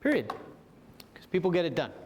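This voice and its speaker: High-voiced man giving a military lecture. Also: wildly swooping pitch, normal speed, darkish tone, big-room sound, dull audio. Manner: keeps checking in with the audience with "right?". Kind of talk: motivational lecture with storytelling.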